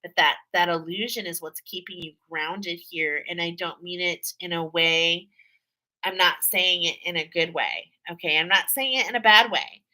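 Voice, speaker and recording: Bright-voiced woman reading tarot cards. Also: lowish voice, moderate pace, low-quality recording. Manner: chatty, repeats herself, frequent "okay?" and laughs. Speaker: tarot card reader. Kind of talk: casual spiritual card reading.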